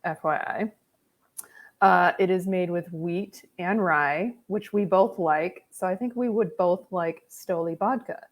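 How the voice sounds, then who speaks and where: A woman's voice: fairly low pitch, slow pace. A young woman chatting casually on a podcast as guest co-host, giggly and eager to share trivia.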